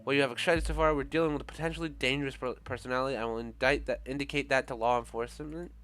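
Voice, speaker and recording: A man's voice: medium pitch, steady tone, very fast, a bit bright, slight background noise. A man commenting as he plays a game, musing aloud and joking with many restarts. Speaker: gamer. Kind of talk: let's play commentary.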